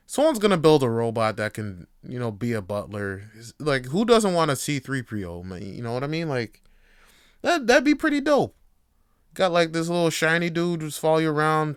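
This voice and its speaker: A man hosts a podcast and rambles through a loose, profane rant. His voice is smooth and clear, at a middling pitch. The sound is close and dry, with no room echo. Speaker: podcast host. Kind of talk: casual podcast monologue.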